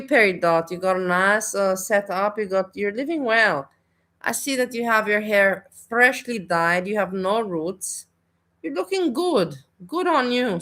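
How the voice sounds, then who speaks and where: A woman's voice: medium pitch, bright, forceful tone. A woman streamer reacting to a video with sarcastic, mocking remarks. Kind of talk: live reaction commentary.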